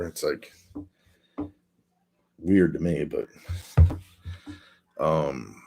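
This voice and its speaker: Deep-voiced man chatting on a livestream. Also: mellow. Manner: laid-back, rambling, reads chat aloud. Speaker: livestream host. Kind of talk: casual livestream chat reading viewer comments. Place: at home, indoors.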